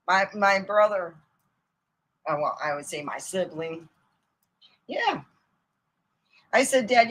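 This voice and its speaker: A middle-aged woman spinning loose, rambling comic tales from her own past. She swears freely and laughs at her own stories. Her pitch sits in an ordinary middle range for a woman. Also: a bit bright, low-quality recording. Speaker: comedian. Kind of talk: casual storytelling monologue.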